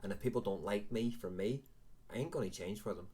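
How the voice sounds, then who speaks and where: A man's voice: fairly low pitch, a little fast, mellow, slightly rough. A Northern Irish man in his forties hosting a live chat show, talking candidly and self-deprecatingly in a rambling way. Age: 40s. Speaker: live show host and vape reviewer. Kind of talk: casual chat.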